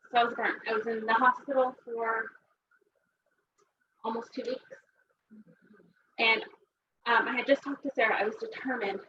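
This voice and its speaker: A woman's voice: on the high side, reverberant. A woman, telling a seminar audience her personal story in a chatty, rambling way with many fillers. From Texas. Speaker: seminar speaker. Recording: distant, dull, noisy room recording.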